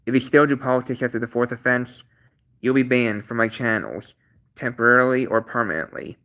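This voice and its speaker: A man hosting his own channel stream, laying out chat rules in a halting, repetitive way with many restarts, earnest and apologetic at times. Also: medium pitch, pushed and bright. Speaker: channel host. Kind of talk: casual livestream talk.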